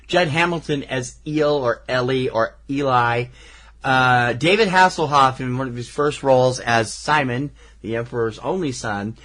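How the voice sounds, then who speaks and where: A man's voice: mid-range voice, a little slow, fairly bright tone. A man co-hosting a podcast, joking around and reading out cast lists in a casual movie review chat. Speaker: podcast co-host.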